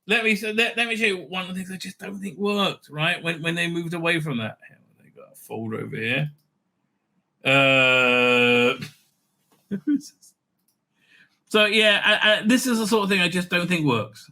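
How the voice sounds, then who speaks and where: A man's voice: high-pitched, animated, moderate pace, long pauses, pushed and bright. A man hosting a channel, giving sarcastic, profane commentary over clips and dropping into exaggerated mocking voices.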